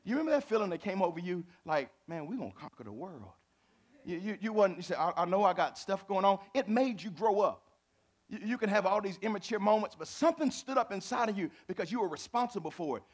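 Pastor, slightly high voice, lively sermon delivery that moves between loud and soft, folksy and direct with the congregation. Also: male voice, fast. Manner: dynamic preaching, swings from loud to hushed.

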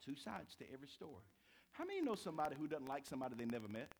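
A man preaching a sermon to a live congregation, telling stories with big swings from quiet to shouting. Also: very fast, vocal fry. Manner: animated storytelling, swinging from low to shouted. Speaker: pastor.

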